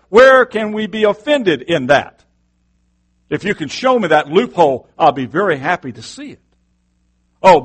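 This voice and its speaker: A middle-aged man delivers a sermon from the pulpit in a somewhat high voice. He preaches with fervor, leaning on rhetorical questions to drive his points home. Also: fairly bright tone. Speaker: pastor.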